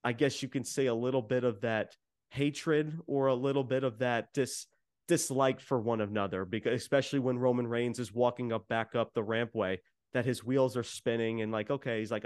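A man's voice: mid-range voice, steady tone, moderate pace, clear, resonant tone, no echo, clean studio sound. Rambling man recapping a wrestling show. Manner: rambling, many fillers, re-enacting quotes. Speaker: podcast co-host.

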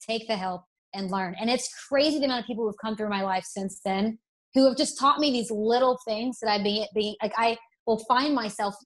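A young woman from Alabama with a faint Southern accent, chatting candidly as an interview guest, self-deprecating and quick to restart her sentences. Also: a little high. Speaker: interview guest, broadcast presenter. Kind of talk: casual interview.

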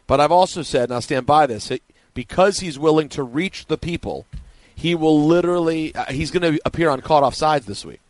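A man's voice: fairly high pitch, expressive, a little fast, no room sound. A man hosting a sports radio show, playful and jokey, teasing his co-hosts in casual banter. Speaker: radio sports talk host. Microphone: studio mic through a mixer.

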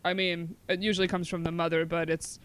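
A man's voice: a little high, flat delivery, fairly quick, fairly bright tone, clean tone. A man hosting a podcast, asking questions in a conversational way with many fillers. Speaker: podcast host. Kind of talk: casual podcast interview.

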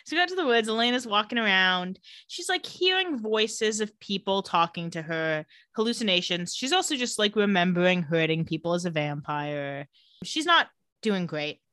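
A woman co-hosting a casual chat, retelling scenes with quick voiced quotes and laughs. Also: medium pitch, lively intonation, sharp tone, no echo, studio quality. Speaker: podcast co-host recapping a TV episode.

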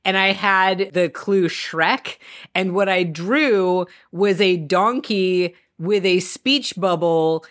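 A woman's voice: fairly low pitch, slow. Woman, 30s, podcast co-host, casual chat, ranting and chatty. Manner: chatty, ranting, many restarts.

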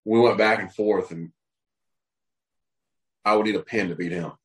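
Man, low-ish voice, relaxed guest telling stories. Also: moderate pace, low-quality recording. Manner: laid-back storyteller, says bro a lot. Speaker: rapper and label head, guest. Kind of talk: casual podcast chat.

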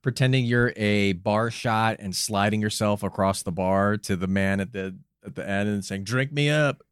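A man's voice: on the low side, flat delivery, normal speed, clear, resonant tone, dry recording, clean studio sound. A man co-hosting a comedic podcast, throwing in rowdy, crude, teasing remarks. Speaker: podcast co-host.

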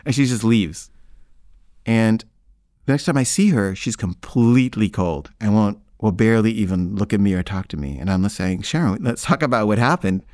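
A man's voice: lowish voice, normal speed, dark tone, dry recording, studio quality. A man casually telling a personal story in the first person, rambling and conversational, with frequent filler words.

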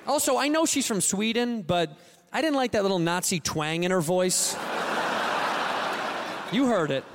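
A man's voice: high voice, lively intonation, moderate pace. A man in his late thirties doing a profane, mock-outraged stand-up rant in a live venue. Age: late 30s. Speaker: stand-up comedian. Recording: noisy live room ambience.

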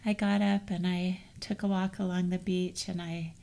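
A middle-aged woman co-hosting a casual talk on grief, telling a family story in a gentle, reflective way. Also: fairly low pitch, flat delivery, normal speed, creaky. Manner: gentle, storytelling, soft trailing phrases. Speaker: co-host.

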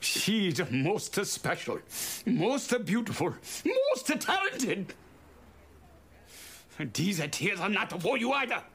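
A man's voice: high voice, huge pitch swings, slow pace, a bit bright, heavily acted. An actor playing a stubborn, proud immigrant father with a Korean accent, speaking blunt, broken English in a sitcom. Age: older. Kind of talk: sitcom acting.

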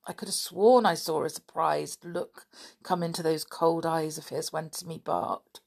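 Julian, a sensible young lad who leads the others, talks earnestly, sometimes drops to a hush, a little low and lively, as a woman reads him aloud in a storybook. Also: a little slow, creaky, full character voice. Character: Julian, boy eldest, sensible leader.

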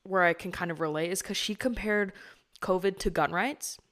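Chatty young woman hosting, lower voice. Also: moderate pace, fairly bright tone. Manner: chatty, heavy use of "like", conversational. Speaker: podcast host. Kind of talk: casual interview chat.

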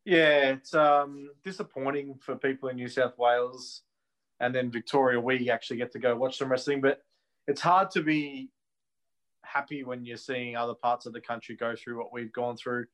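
An Australian man talks loosely and with plenty of opinion. His voice sits in an ordinary middle range. He chuckles along and keeps the tone relaxed. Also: medium pitch, normal speed. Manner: chatty, opinionated, laughs easily. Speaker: wrestling podcast co-host. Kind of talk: casual chat.

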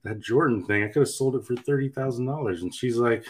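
A man's voice: mid-range voice, fast talker, breathy edge. A man chatting casually about trading cards, telling stories and acting out both sides of conversations with his wife. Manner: storytelling, quoting himself and his wife in animated bursts. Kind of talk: casual chat.

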